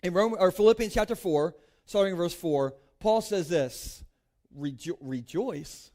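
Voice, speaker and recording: On a church stage before his congregation, this Delaware pastor in his thirties preaches casually and jokingly, full of playful asides and frequent "like"s. His voice sits high and a little mellow, with lively intonation at a moderate pace.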